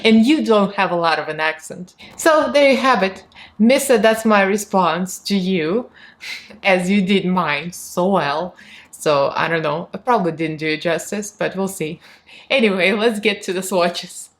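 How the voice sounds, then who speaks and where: A woman's voice: medium pitch, measured pace. A woman with a Russian accent talks straight to camera as a beauty vlogger, candid and chatty. She laughs easily and slips into acting out little conversations as she tells a story. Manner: chatty and candid, laughs often, acts out what people said. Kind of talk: casual chat to camera.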